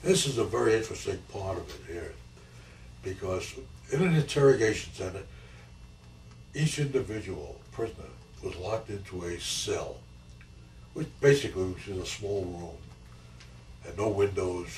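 A man's voice: low voice, expressive, normal speed, long pauses, a little mellow. An 80-year-old man telling his grandchildren about his life, rambling and repeating key phrases. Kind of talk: casual storytelling interview. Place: family home. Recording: echoey home camcorder audio, mic far off, faint hiss.

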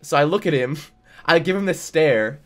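A man's voice: on the high side, expressive, normal speed. Young guy streamer rambling thru a story while gaming, says like and dude a lot. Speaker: game streamer. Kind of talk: casual storytelling while playing a game.

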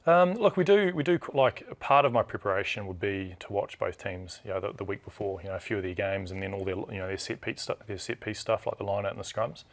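A rugby referee with a New Zealand accent chats casually as a studio guest. His voice is lowish, and he talks quickly and animatedly, restarting often.

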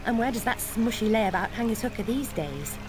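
A woman voicing a brisk, sharp-tongued young heroine in a video game, crisp and haughty. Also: on the high side, animated, lightly acted. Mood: curt. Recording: game audio under music.

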